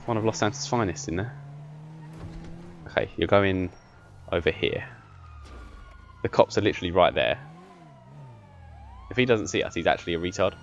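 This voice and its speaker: A young man giving casual gameplay commentary, excitable and bossy when he directs his friend, and laughing often. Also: sits low, moderate pace, pauses often, muffled recording, slight background noise. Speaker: gaming channel host.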